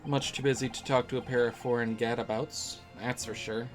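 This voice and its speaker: A man voicing a gruff, boastful middle-aged police inspector who speaks brusquely with a put-on regional voice. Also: medium pitch, fairly even intonation, a little fast, faint music behind, close to an everyday voice.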